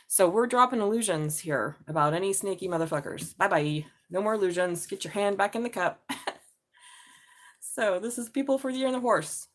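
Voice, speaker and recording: A woman in her forties giving a live-streamed tarot reading, talking excitably, swearing freely and often breaking into laughter. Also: mid-range voice. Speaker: tarot reader.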